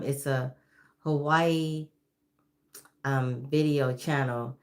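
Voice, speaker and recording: A retired woman in her sixties hosting a casual livestream, chatting with many ums and fillers. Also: rumbling low. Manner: chatty, greets viewers by name, many ums. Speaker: YouTube livestream host.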